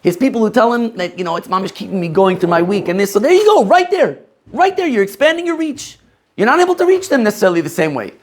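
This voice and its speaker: A man from Maryland, USA, teaching a class of rabbinical students in a lively, questioning way, laughing often. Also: extremely high pitch, fast talker, a little hiss or hum.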